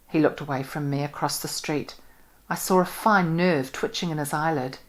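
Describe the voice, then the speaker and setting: Low-voiced woman reading a novel. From New Zealand. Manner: expressive, measured. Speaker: audiobook reader.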